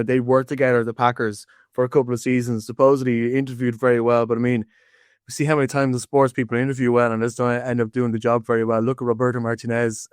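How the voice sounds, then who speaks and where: A man's voice: medium pitch, clear, resonant tone, no room sound, studio quality. An Irish man hosting a sports podcast, chatting casually and jumping animatedly between points. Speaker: podcast host.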